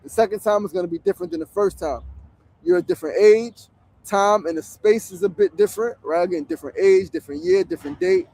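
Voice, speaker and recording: A New Yorker in his 40s hosts a laid-back livestream from a tent on a city street, streaming off his phone and cursing freely as he talks bluntly. His voice is high and fast, with big swings in pitch, vocal fry and a slightly mellow quality.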